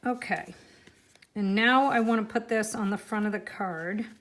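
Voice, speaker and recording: A woman's voice: medium pitch, moderate pace, fairly bright tone. A woman hosting a live-streamed card-making class, chatty and reacting to viewer comments as she works.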